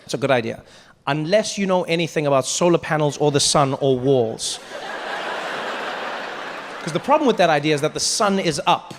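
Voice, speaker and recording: A man doing a stand-up comedy set on stage, animated and playful, teasing the audience. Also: a little high, normal speed, pauses often. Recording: live show with background noise.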